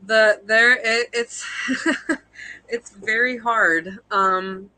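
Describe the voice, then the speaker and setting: A woman's voice: on the high side, fairly even intonation, very slow, sharp tone, no room sound, low-quality recording. A young woman, a fiber artist guest, chatting casually on a live video call, rambling and self-deprecating with frequent laughs.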